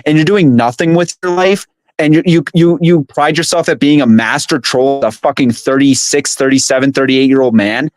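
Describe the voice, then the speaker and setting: A man's voice: medium pitch, fairly even intonation, normal speed, dry recording. A man hosting a live stream, venting at length with casual swearing. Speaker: streamer host. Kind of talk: profane drama stream commentary.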